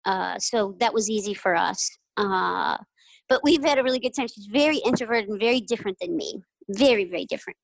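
A woman's voice: mid-range voice, expressive, brisk, gravelly, no room sound, rough recording. A woman in an interview, telling stories in a chatty, casual way, with lots of "like" and "you know" and frequent laughter. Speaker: interview guest. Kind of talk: casual storytelling.

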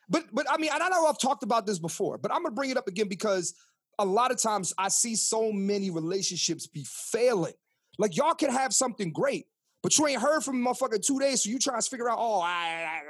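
Husky, animated man ranting on a podcast. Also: sits high, a little fast, no echo, studio quality. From Philadelphia, Pennsylvania. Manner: animated, profane, preachy ranting. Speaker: podcast co-host. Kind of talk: casual chat.

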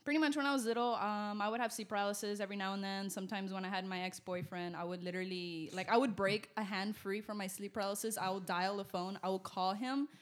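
A young woman telling a personal story in casual, animated speech with many fillers, on a close podcast mic. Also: mid-range voice, fast, hardly any pauses. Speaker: guest. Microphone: podcast mic close to mouth.

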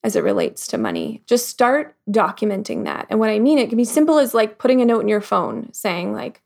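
A woman in a casual interview chat whose slightly high voice has a gravelly fry running through it. She speaks reflectively, fills her sentences with "like," and jumps into animated voices when she quotes what people think. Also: brisk. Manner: reflective, acts out quoted thoughts in lively voices; frequent "like" fillers. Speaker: podcast guest.

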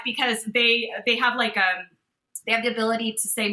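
A woman co-hosting a podcast, telling a story in a casual, animated way and acting out the people in it. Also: a little high, fairly quick, roomy sound, low-quality recording. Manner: animated, acts out voices in her stories. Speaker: podcast co-host.

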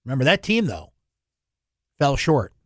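A man hosting a sports talk radio show, opinionated and conversational with quick asides. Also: medium pitch, wildly swooping pitch, no room sound, clean studio sound. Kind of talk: casual sports talk commentary.

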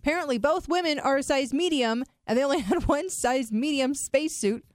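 Bubbly high-voiced radio host woman. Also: dry recording, studio quality. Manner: bubbly, quick to laugh. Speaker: radio morning show co-host. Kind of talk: upbeat morning radio chat. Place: radio studio. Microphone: studio microphone.

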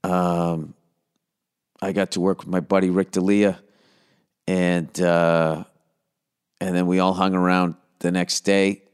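A man's voice: low voice, flat delivery, slow pace, long pauses, clean tone. A man hosting a comedy podcast, rambling through profane asides with mock outrage in a casual rant.

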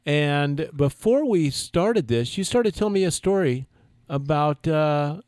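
A man's voice: fairly high pitch, lively intonation, slow pace, a little mellow, smooth, no room sound, studio quality. A man co-hosting a running podcast who jokes with his partner and laughs often. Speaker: podcast co-host. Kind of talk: casual chat.

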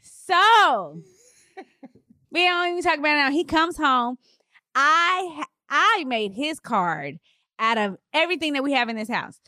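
A woman in her thirties tells her viewers a personal story, unhurried but animated and expressive, swinging her pitch widely for emphasis. The recording is dry and studio quality.

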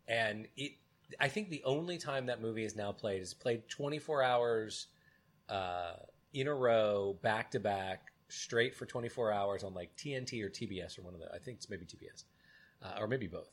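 A man's voice: on the low side, normal speed. A man co-hosting a podcast in casual chat, rambling with many fillers and animatedly retelling movie scenes. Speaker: podcast co-host.

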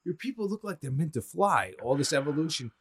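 A man's voice: a little high, fairly quick, husky. A man in casual, profane chat, ranting scornfully about a movie. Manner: animated, scornful ranting, heavy swearing.

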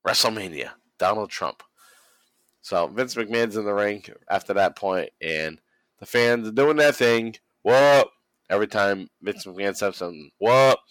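A podcast host with a fairly low, fairly bright voice and lively intonation recaps wrestling in a casual chat at normal speed. He tells a story full of swearing and laughter, mimicking the people he quotes, on a poor, echo-free recording.

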